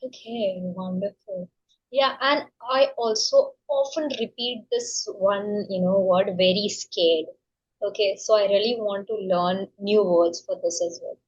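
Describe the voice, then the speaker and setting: A woman's voice: mid-range voice, lively intonation, measured pace, slightly rough, dull audio. A woman learning English in a casual practice conversation, eagerly asking about word choices. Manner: eager, asks many questions.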